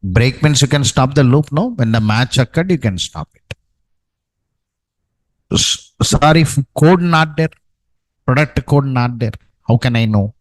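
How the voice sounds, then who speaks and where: A man's voice: mid-range voice, lively intonation, measured pace, long pauses, no echo, rough recording. A man teaching a programming class, dictating code and checking in with "no?" and "okay, right". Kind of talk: live coding lesson.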